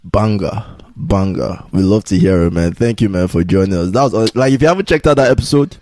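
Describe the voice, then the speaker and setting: A man's voice: fairly low pitch, fairly quick, warm tone, dry recording, low-quality recording. A young man co-hosting a podcast in casual chat, laid-back and hyping up his listeners. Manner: laid-back, hypes up the audience. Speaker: podcast co-host.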